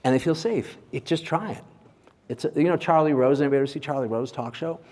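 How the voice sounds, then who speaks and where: A portrait photographer giving an informal lecture to a live audience, conversational and chatty, often checking in with listeners with "right?". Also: male voice, on the high side, fast talker, a little mellow. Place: large lecture hall at a symposium. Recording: long reverb of a big hall.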